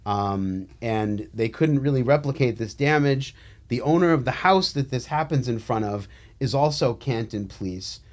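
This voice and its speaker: Sardonic male attorney co-host, casual and halting. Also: medium pitch, animated. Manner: joking, sardonic, many fillers and restarts. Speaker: podcast co-host, trial attorney. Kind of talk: casual legal chat.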